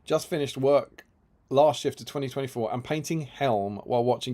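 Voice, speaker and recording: A man's voice: mid-range voice, normal speed, dark tone. A man co-hosting a casual live stream, reading viewer comments aloud with playful asides. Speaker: co-host reading chat.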